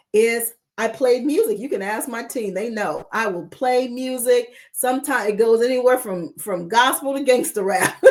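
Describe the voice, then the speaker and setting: A woman hosting a weekly live coaching talk, speaking in an expressive, emphatic way and repeating key words. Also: a little high. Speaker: coach trainer, host of a weekly live show.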